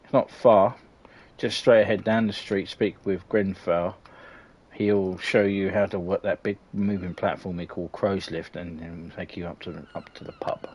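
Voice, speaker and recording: A man's voice: deep voice, huge pitch swings, moderate pace, a little mellow, breathy edge, heavily acted. A man voicing a friendly townsman giving directions, reading game dialogue aloud with small slips. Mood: helpful.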